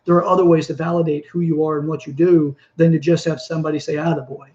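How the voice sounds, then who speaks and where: A man's voice: fairly high pitch, flat delivery, quick pace, a little mellow, dull audio. Earnest man giving a rambling motivational talk. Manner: earnest, rambling with restarts and self-corrections. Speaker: podcast host. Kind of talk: motivational monologue.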